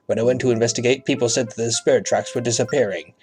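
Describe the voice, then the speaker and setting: A man voicing a sharp-eyed old man in a wry, mock-stern manner, close to his own voice. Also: medium pitch, steady tone, fast talker, close to an everyday voice.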